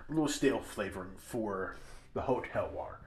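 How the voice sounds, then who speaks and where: A man's voice: on the low side, expressive, brisk, slightly rough. A young man casually rambling through a story in a hotel room, full of restarts and fillers. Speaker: vlogger.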